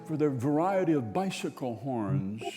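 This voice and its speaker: Wry radio host in a live hall. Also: male voice, medium pitch, sing-song, moderate pace, loud music behind the voice. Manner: wry, meandering storytelling.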